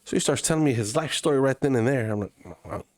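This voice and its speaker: A man from Mexico, co-hosting a podcast, telling a travel story with lively acted-out voices and plenty of swearing. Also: mid-range voice, fast talker, no room sound, clean studio sound. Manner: animated storyteller, acts out other people's voices, swears freely. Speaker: podcast co-host. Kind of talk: casual chat, storytelling.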